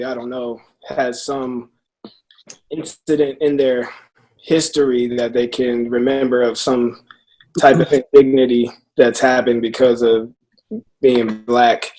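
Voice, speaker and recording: A man taking part in a group conversation on a video call, speaking in a measured, careful way. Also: medium pitch, level tone, darkish tone, rough recording. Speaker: discussion participant.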